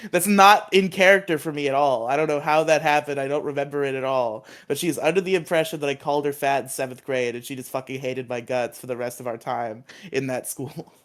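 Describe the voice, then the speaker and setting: A man's voice: fairly high pitch, fairly even intonation, a little fast, hardly any pauses, a bit bright. A young man co-hosting a casual podcast, telling stories in a chatty way and often laughing at himself. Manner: chatty, self-amused storytelling with frequent laughs. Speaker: podcast co-host.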